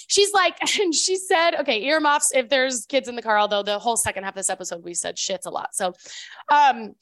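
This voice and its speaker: A woman's voice: sits high, brisk, a bit bright, dry recording. A woman co-hosting a podcast in casual chat, rambling with lots of fillers and restarts. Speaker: podcast co-host.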